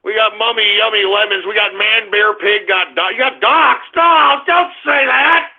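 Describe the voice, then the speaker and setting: A man's voice: sits high, unhurried. A man hosting a radio show, ranting and cursing at his chat room in exasperated anger. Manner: angry, exasperated, cursing, shouting at listeners. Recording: tinny phone-like lo-fi internet radio.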